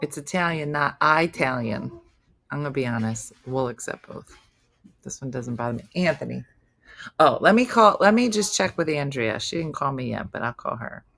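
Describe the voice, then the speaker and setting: A woman's voice: deep voice, lively intonation, brisk, vocal fry, hardly any pauses, fairly bright tone. A woman hosting a casual morning show, chatting loosely and switching between tasks and asides. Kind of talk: casual chat while working.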